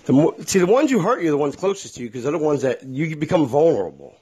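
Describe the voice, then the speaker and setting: Blunt, swearing man with a husky voice. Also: on the high side, very animated, fast, darkish tone. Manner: blunt and profane, with a lot of feeling. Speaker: podcast host. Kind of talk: candid solo podcast monologue.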